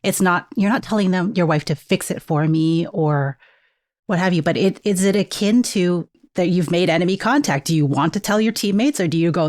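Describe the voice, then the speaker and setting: Low-voiced reflective woman host, dry sound. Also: moderate pace, darkish tone, no room sound. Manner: reflective, frames ideas with military comparisons. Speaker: podcast host. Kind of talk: casual podcast conversation.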